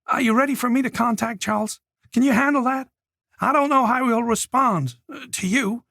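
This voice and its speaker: A man narrating an audiobook voices a cold, scheming woman who stays calm and firm, with a clipped, controlling manner. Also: very high-pitched, moderate pace, gravelly, no room sound, clean studio sound, pitched above the performer's own voice, full character voice. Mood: cool, persuasive. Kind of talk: audiobook character voice.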